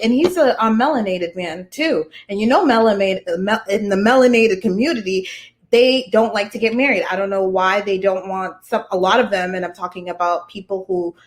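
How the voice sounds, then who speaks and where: Animated woman co-hosting a chat podcast. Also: mid-range voice. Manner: animated, talks to listeners directly. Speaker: podcast co-host. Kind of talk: casual chat.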